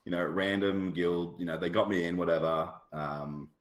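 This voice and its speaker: A man with a low voice tells a long, rambling story as a podcast guest, loose and chatty with plenty of "you know" and "um" asides. The room gives his voice an echoey ring. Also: steady tone, moderate pace. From Australia. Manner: rambling, with many fillers and asides. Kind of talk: casual storytelling chat. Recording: roomy echo.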